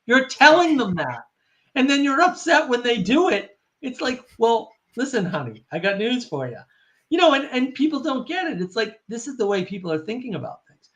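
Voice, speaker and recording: A man hosting a casual discussion, animated and wry, acting out quoted exchanges. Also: extremely high pitch, fairly quick. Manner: wry, laughs at own points. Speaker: host.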